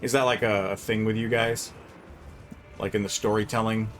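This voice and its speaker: A man's voice: lowish voice, flat delivery, normal speed. A man watching a video game being played, giving wry, teasing commentary in a casual chat. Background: game music.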